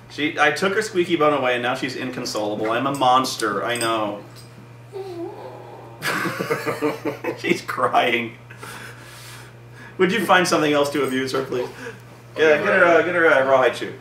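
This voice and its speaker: A man's voice: mid-range voice, sing-song, measured pace, pauses often, pushed and bright. A man casually recapping a film as a vlog host, rambling with lots of "like" and free swearing. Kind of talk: casual movie recap chat. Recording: echoey room, mic far off, faint noise.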